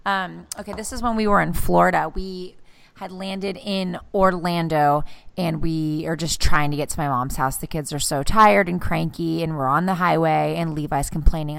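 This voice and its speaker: Gravelly-voiced woman telling a story. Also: lowish voice, moderate pace, no echo. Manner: animated storyteller who acts out voices. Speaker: podcast co-host. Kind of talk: casual chat, storytelling.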